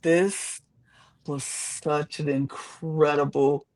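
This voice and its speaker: Male podcast co-host, AAVE, casual recap chat, very animated, dramatic pitch jumps. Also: drawn-out words. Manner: animated, acts out reactions with big pitch swings.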